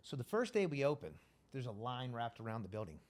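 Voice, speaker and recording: Profane, animated male storyteller. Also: mid-range voice, a little fast. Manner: profane, animated, acts out quoted dialogue. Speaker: podcast guest. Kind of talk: casual storytelling.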